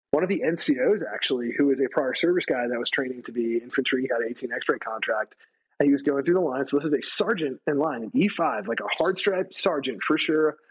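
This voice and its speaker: A man, a retired Army staff sergeant from the United States, telling stories as a podcast guest, animated, acting out quoted people with a raised voice. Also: husky, highs cut off. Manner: animated storytelling, acts out quotes with raised pitch. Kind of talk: casual storytelling interview.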